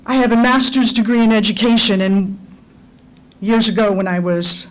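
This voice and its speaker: A woman's voice: medium pitch, normal speed, low-quality recording. An older woman, a school board candidate, giving a plainspoken, wry campaign speech.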